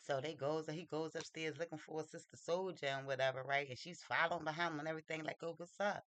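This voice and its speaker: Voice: mid-range voice, steady tone, fast talker, fairly bright tone, no echo. A book reviewer casually retelling a novel's plot in loose, slangy talk full of fillers.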